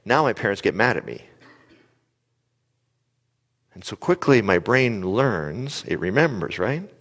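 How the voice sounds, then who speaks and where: Male speaker, very low voice, animated storyteller who quizzes the audience, long hall reverb. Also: moderate pace. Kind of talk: live motivational talk.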